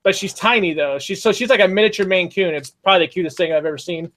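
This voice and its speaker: High-voiced man chatting and laughing. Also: quick pace, fairly bright tone. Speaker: podcast co-host. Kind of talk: casual chat.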